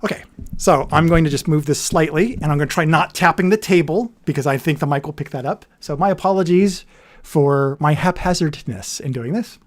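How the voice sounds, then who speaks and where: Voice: mid-range voice, fairly quick. A livestream host of a board game show, chatting casually and rambling with frequent self-corrections. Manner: says their voice turns nasal on camera.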